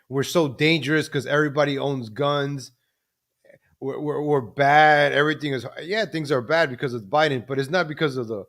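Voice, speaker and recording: A man hosting a live stream, ranting about the news and repeatedly addressing the audience. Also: medium pitch. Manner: ranting, repeats ladies and gentlemen. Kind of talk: casual commentary live stream.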